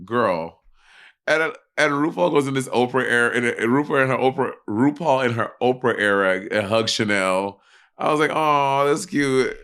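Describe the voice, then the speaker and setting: A man's voice: medium pitch, moderate pace, fairly bright tone. A man co-hosting a casual chat show, talking bluntly and sassily with lots of fillers. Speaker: podcast co-host.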